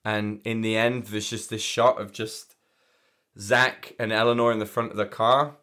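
A man's voice: lowish voice, flat delivery, normal speed, pushed and bright. A man co-hosting a podcast, chatting casually about a film, talkative, swearing and laughing a lot. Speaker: podcast co-host. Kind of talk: casual film discussion chat.

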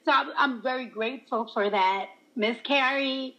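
Woman, high lively voice, bright, laughs a lot, animated storytelling. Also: moderate pace, muffled recording. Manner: acts out quoted lines. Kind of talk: casual chat.

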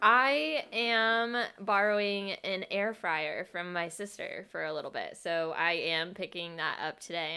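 A woman co-hosting a podcast with a bright, forceful voice, teasing and quick to laugh. Faint noise hums under the recording. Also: on the low side, vocal fry. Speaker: podcast co-host. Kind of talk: casual chat.

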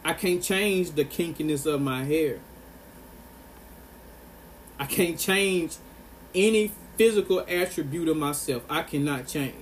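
Male vlogger, slightly raised pitch, impassioned and emphatic, repeats lines for weight, faint background hum. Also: unhurried, long pauses. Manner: earnest and emphatic, repeats phrases for stress. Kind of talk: impassioned monologue to camera.

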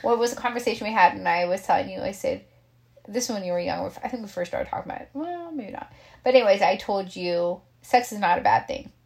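A woman's voice: medium pitch, lively intonation, quick pace, gravelly. Chatty woman with lots of filler. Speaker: caregiver. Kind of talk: casual talk.

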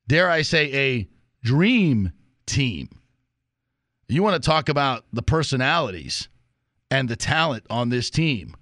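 A man's voice: mid-range voice, fairly bright tone, dry recording, clean studio sound. A man hosting a sports talk show, delivering an emphatic monologue with punchy repetition. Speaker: sports radio host.

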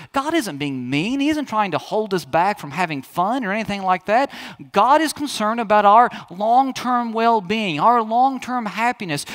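A man's voice: high voice, a bit bright. A man in his thirties, a pastor preaching a sermon in a chatty, storytelling way that speaks straight to the congregation.

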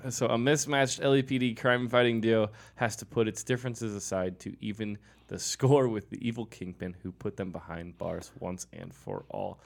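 A man's voice: fairly low pitch, moderate pace, vocal fry, few pauses. Casual man reading film details. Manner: reads details aloud, stumbles over names. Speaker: podcast co-host reading film info. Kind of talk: casual chat.

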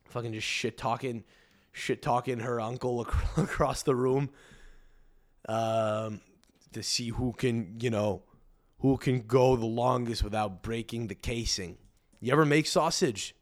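A man's voice: mid-range voice, normal speed, a bit bright. A man hosting a podcast, ranting in a profane, incredulous comedic monologue. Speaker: podcast host.

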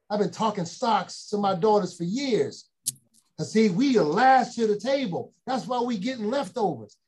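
A man's voice: sits high, husky. A middle-aged man telling folksy family stories and turning them into an emphatic lesson for an audience. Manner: folksy storytelling, quoting family members, rising to emphatic preaching. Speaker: speaker. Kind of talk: motivational storytelling talk.

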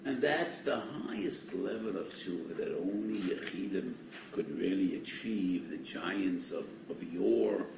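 An older man giving a Torah lecture as a rabbi, animated and emphatic, mixing in Hebrew and Yiddish terms. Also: lowish voice, vocal fry. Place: study hall. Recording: echoey hall, distant mic, faint noise.

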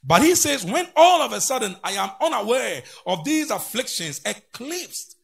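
A man's voice: extremely high pitch, big pitch swings, normal speed, gravelly, fairly bright tone. A man preaching a sermon, breaking into sung phrases and leading the congregation in call-and-response. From Ghana. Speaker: pastor.

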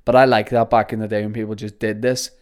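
A man's voice: fairly low pitch, level tone, quick pace, a little mellow, smooth. Rambling man, podcast host. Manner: rambling, joking storyteller. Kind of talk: casual solo podcast chat.

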